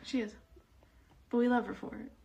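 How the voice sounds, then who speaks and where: A woman's voice: on the high side, steady tone, normal speed, gravelly, mellow, husky, highs cut off. A woman co-hosting a podcast in casual chat, trading dry, teasing banter. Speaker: podcast co-host.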